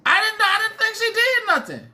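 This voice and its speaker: A woman's voice: very high voice, big pitch swings, normal speed, bright, forceful tone. A woman hosting a casual livestream, reacting with laughter and bewildered repeated questions. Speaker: livestream host.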